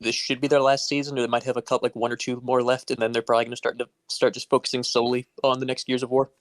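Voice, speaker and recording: Man, podcast co-host, game talk, swears casually, middle pitch, dry close sound. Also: flat delivery, racing, no room sound. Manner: casual, retells scenes, swears freely, chuckles. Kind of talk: casual chat about video games.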